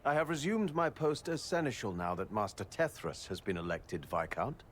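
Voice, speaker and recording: Man plays prim civic official, correct and lively in tone. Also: mid-range voice, normal speed, a little hiss or hum, close to an everyday voice.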